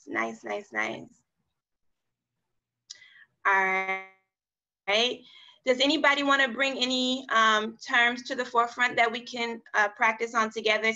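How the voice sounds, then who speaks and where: Woman facilitator, slightly high, bright tone; encouraging, spells words out slowly on a video call. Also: highs cut off. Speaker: study group facilitator. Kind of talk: online group language lesson.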